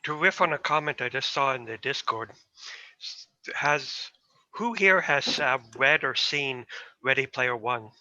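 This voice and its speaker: A man moderating an online panel, asking halting, casual questions. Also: mid-range voice, sharp tone, no echo. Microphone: video call. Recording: dry, dull lo-fi call audio.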